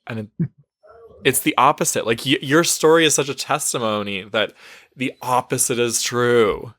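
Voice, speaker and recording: A man hosting a podcast interview, reacting warmly and enthusiastically to his guest. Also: mid-range voice, fairly even intonation, normal speed, no room sound, clean studio sound. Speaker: podcast host and coach.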